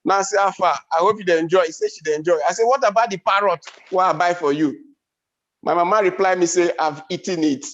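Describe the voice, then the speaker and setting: Nigerian Pidgin stand-up man, high voice, lively swoops, dull lo-fi event sound. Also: fast talker. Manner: animated storytelling, big pitch swings. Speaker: comedian. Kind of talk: stand-up comedy.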